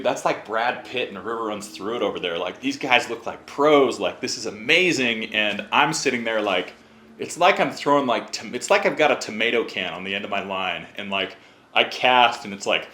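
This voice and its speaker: Man, podcast guest, lowish voice, bright tone, casual storytelling. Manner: chatty, acts out quoted voices.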